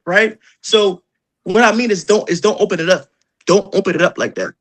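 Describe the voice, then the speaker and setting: High-voiced animated man leading sales training. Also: moderate pace. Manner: animated, joking, acts out doorstep exchanges. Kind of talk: energetic sales training talk.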